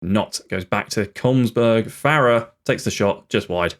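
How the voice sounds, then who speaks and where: Young man commentating his own match, rambling, gets flustered and excited when things go right. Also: on the low side, a little slow. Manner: chatty, thinks aloud, bursts into excitement at goals. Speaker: gaming channel host. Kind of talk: live gameplay commentary.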